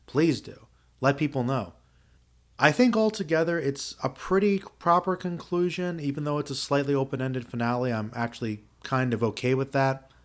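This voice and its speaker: A man's voice: mid-range voice, moderate pace. Reflective man rambling through a review. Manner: rambling, reflective, frequent fillers and restarts. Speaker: podcast host. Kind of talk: casual spoken review.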